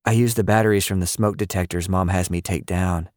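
A man's voice: deep voice, steady tone, brisk, no echo, studio quality, lightly acted. A man doing a weary, tired boy. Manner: soft and weary. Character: tired, weakened boy with powers.

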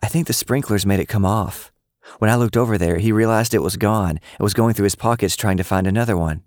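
An earnest young schoolgirl who insists on what she saw, voiced by a man reading an audiobook. The voice is lifted well above his own deep register. The recording is close and dry. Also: fairly quick, a little mellow, dry recording, close to an everyday voice. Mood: insistent. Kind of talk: audiobook character voice.

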